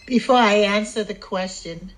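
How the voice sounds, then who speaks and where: An older woman, a grandmother being interviewed over a call, explaining herself in a measured, careful way. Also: mid-range voice. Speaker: grandmother interviewed about homeschooling.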